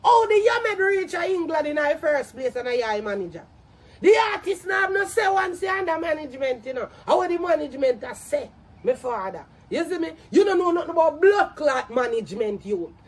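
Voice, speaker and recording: High-pitched Jamaican woman ranting, loud scolding commentary, profane, shouts often. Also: very animated, brisk.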